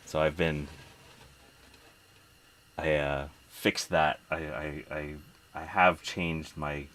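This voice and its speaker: A man's voice: very deep voice, a bit bright. A man from South Jersey and Philadelphia, hosting a casual live stream, chatting with viewers while repairing an old computer. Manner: chatty, reads viewer comments, muttering while working. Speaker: host repairing vintage computer.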